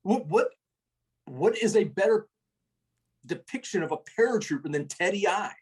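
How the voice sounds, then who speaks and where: Speaking at a moderate pace in a husky, high-pitched voice with lively intonation, a middle-aged man who retired as a first sergeant guests on a podcast. In this relaxed interview he rambles through folksy army stories laced with profanity.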